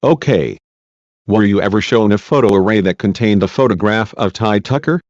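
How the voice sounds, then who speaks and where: A man reading a male defense lawyer's questions, measured and reassuring, in a dull lo-fi recording. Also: fairly low pitch, a little mellow, dry recording, natural voice. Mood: courteous. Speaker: cross-examining lawyer.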